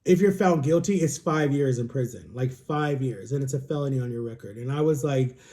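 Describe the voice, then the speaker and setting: Chatty young man with a mellow voice. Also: mid-range voice, a little fast. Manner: rambling, frequent "like", quotes others in dialogue. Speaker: vlogger. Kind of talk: casual storytelling. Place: home.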